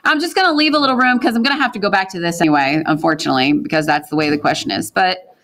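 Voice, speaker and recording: Brisk woman teaching a math class. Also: fairly low pitch, fairly bright tone. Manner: brisk, asks the class questions and answers them. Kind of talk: classroom lecture with questions to students.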